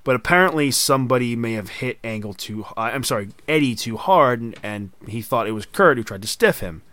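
A man's voice: mid-range voice, lively intonation, a little fast, sharp tone, dry recording. A man hosting a casual podcast chat, telling stories animatedly and acting out quoted voices. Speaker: podcast host.

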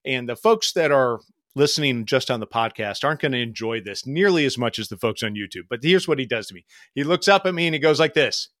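A middle-aged man swaps flying stories in a relaxed podcast conversation, animatedly performing the voices of the people he quotes. His mid-range voice moves a little fast, recorded at studio quality with no echo.

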